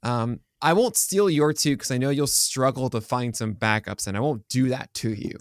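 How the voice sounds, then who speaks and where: A man co-hosting a casual podcast, joking around and trailing off quietly at the ends of his thoughts. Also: medium pitch, normal speed, dry recording, clean studio sound. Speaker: podcast co-host.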